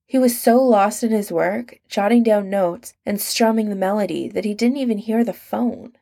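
A woman narrating an audiobook in calm, even scripted storytelling. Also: mid-range voice, normal speed, creaky.

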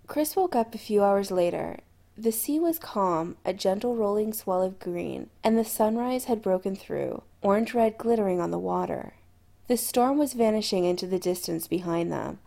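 Slow, mellow woman narrating a story. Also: medium pitch, creaky. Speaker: podfic reader. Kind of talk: audiobook narration.

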